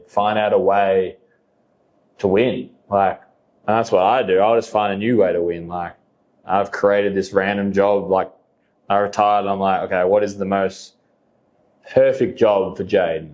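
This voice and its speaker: A man's voice: on the low side, a little mellow. A young Australian man talking casually as a podcast guest, rambling with lots of fillers and laughing often. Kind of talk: casual conversation.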